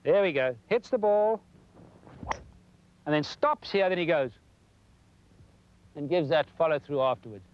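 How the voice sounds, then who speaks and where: A man's voice: fairly high pitch, expressive, measured pace, pauses often, muffled recording. A man giving a folksy golf lesson for television, demonstrating as he talks. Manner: folksy, demonstrating while talking. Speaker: golf instructor. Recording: 1990s television broadcast.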